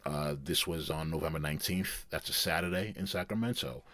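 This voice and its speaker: A man hosting a casual commentary video, talking in a rambling, halting way with many restarts. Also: extremely low pitch, a bit bright, no echo. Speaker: commentary host.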